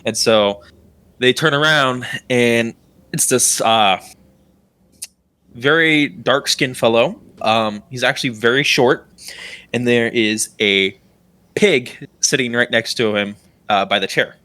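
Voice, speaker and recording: Bright-voiced man running a game. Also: medium pitch, takes it slowly. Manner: casual, rambling, full of fillers. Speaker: dungeon master. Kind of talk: narrating a tabletop game.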